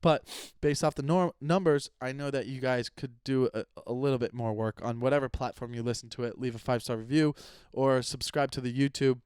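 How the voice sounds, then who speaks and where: A man's voice: medium pitch, a little fast, darkish tone, smooth, no echo, studio quality. A young man hosting his own podcast, chatting casually and rambling, swearing as he vents about his listeners. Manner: rambling, profane, venting. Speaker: podcast host. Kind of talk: casual solo podcast chat. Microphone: close podcast microphone.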